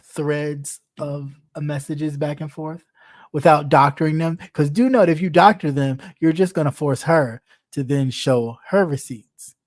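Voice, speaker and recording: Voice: medium pitch, a little slow, no room sound. An online commentator giving casual gossip commentary, blunt, profane and teasing, with frequent laughter.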